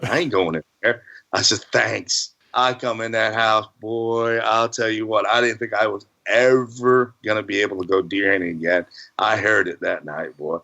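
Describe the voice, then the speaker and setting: A man's voice: on the low side, little pitch movement, moderate pace, creaky, bright, forceful tone, muffled recording. A man tells a long story in a casual, rambling way. His delivery is folksy, and he laughs through it now and then. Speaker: hunting guest.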